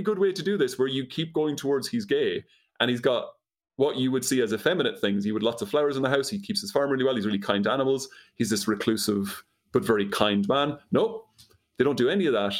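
A medium-pitched man talks quickly while recapping a movie on a podcast. The chat is casual and comic, his retelling dry and disbelieving, punctuated by frequent laughs.

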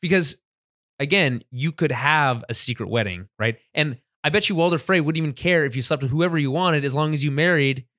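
Laughing, animated podcast guy. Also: on the high side, brisk, dry recording, studio quality. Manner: animated, laughs often, many restarts. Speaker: podcast co-host. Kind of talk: casual chat recapping a TV episode.

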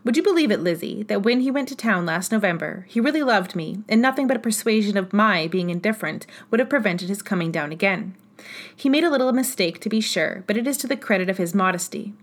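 A woman reading aloud, voicing a gentle, earnest young woman in love. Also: mid-range voice, animated, fast. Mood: tender.

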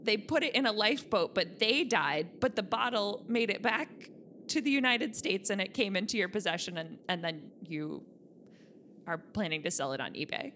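A woman's voice: medium pitch, moderate pace, a bit bright, slight background noise, close to an everyday voice. A woman playing a flustered young woman who keeps apologizing and stammering.

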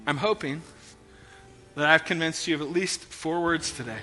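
Pastor guy preaching, high sharp voice, bold and chatty, big reverby church, soft music under. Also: normal speed, long pauses. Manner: earnest, conversational, bold. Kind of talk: sermon. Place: large church auditorium. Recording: long hall reverb with faint music.

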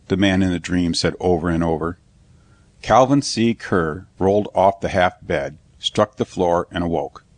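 Deep-voiced man narrating a story. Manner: even storytelling with lightly voiced dialogue. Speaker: audiobook narrator. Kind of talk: scripted narration.

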